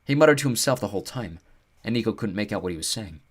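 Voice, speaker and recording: A man narrating an audiobook with an expressive storytelling delivery. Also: fairly low pitch, fast, slightly rough.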